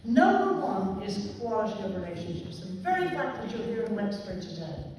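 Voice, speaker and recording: A woman giving a public talk on aging to a live audience, explaining emphatically and now and then clearing her throat or coughing. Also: mid-range voice, sing-song, a little fast, background noise. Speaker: lecturer on aging. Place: large warm hall with an audience. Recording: echoey hall, voice from far off.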